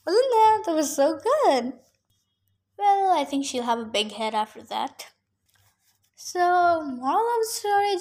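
High-voiced woman reading a story aloud. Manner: eager, slightly halting with restarts. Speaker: podcast host reading a novel aloud.

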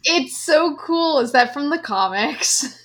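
A woman co-hosting a podcast in casual chat, reacting with quick, chatty asides. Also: high-pitched, animated, crowd noise. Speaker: podcast co-host.

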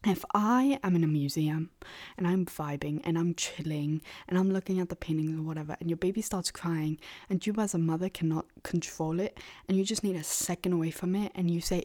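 A young woman with a lowish voice talks through her solo podcast in a loose, rambling way. She is blunt and sarcastic, and she often slips into a half-whisper. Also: normal speed, darkish tone. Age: young adult. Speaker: podcast host. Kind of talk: casual solo podcast monologue.

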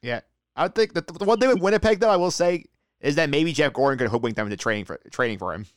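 Man, podcast host, fast talker, smooth clear voice, dry close sound. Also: fairly high pitch, lively intonation, no echo. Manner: leads with questions, many "like" fillers. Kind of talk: casual sports chat.

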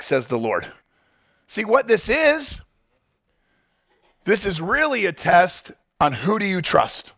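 A male pastor delivering a sermon, acting out quick scenes as he speaks. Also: on the high side, creaky, husky. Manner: animated, acts out quick scenes and voices. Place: church.

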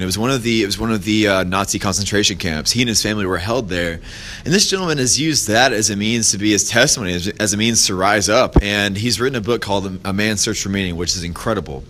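A man hosting his own podcast, giving a casual motivational talk, rambling with restarts and fillers and lifting his voice to act out quoted people in stories. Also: sharp tone. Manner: acts out quoted voices in a higher pitch when telling stories. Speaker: podcast host.

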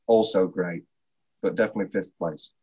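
A man co-hosting a casual film podcast, blunt and sweary, with a husky voice. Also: low voice, fairly even intonation, brisk, dark tone, muffled recording. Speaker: podcast co-host.

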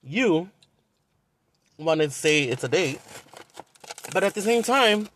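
A man's voice: fairly high pitch, expressive, slow pace, a bit bright, no room sound. A young man from Southern California, telling a dating story on a podcast in a blunt, profane, casual way. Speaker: podcast host.

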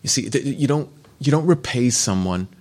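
A middle-aged man preaching at a retreat in an easygoing, conversational style. His voice sits at an ordinary mid pitch, and he moves between scripture and personal stories with a light touch of humor. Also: animated, moderate pace, darkish tone. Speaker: pastor. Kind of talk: sermon.

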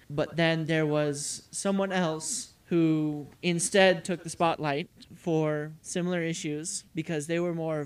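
A young man speaking hesitantly and measuredly in a candid conversation. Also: on the high side.

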